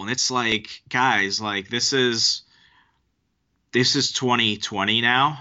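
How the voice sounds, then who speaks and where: A man's voice: mid-range voice, steady tone, sharp tone. A man hosting a podcast, ranting in casual chat with an exasperated tone. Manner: exasperated, fast ranting with restarts. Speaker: podcast host. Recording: dull lo-fi podcast audio.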